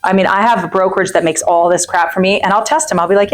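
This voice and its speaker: A woman in her forties leads a chatty masterclass for a group. She talks fast and loose, stopping often to check in with the room. Her voice sits in a middle pitch. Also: low-quality recording. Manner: chatty, animated, acts out quoted people; frequent "right?" and "okay?" asides. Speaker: real estate coach.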